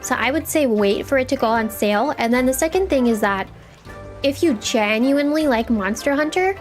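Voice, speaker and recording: A woman's voice: sits high, lively intonation, normal speed, faint music behind. A young woman streaming a game live, chatting with her viewers in a playful, teasing way.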